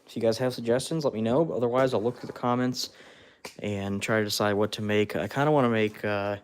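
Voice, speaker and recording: A man's voice: lowish voice, brisk, slight background noise. Easygoing man chatting while he sculpts. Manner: chatty, laughs often, narrates while working with his hands; talks to fans and reads out chat. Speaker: live-stream host sculpting with clay. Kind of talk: casual live-stream commentary.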